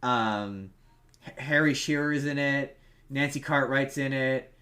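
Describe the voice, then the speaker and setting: A man's voice: medium pitch, measured pace, bright, forceful tone. A man co-hosting a podcast over a remote call, chatting about movies in a rambling way, with lots of restarts and fillers. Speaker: podcast co-host. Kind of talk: casual movie chat.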